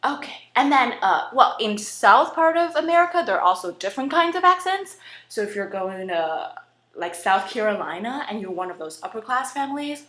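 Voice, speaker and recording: A young woman hosting a playful comedic audition, chatty and animated. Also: on the high side, normal speed. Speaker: host audition contestant. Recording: roomy echo.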